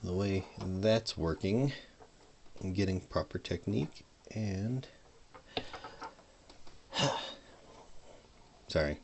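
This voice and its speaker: Man, deep gravelly voice, slow, mumbles and trails off, hobby soldering narration, home workbench, drifts on and off a desk mic. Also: animated, a little mellow, slight background noise. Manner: mumbling, trailing off mid-thought. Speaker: hobbyist modder. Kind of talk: casual narration while soldering. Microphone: desk microphone, leaning in and out.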